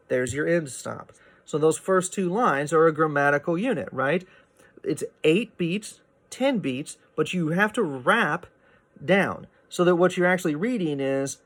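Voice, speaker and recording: A man teaching a poetry lesson, explaining meter in a relaxed way, often checking in with "right?" and filling pauses with "uh" and "um.". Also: on the high side. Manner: explanatory, frequent "right?" and "uh" fillers. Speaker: literature teacher. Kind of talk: recorded poetry lecture.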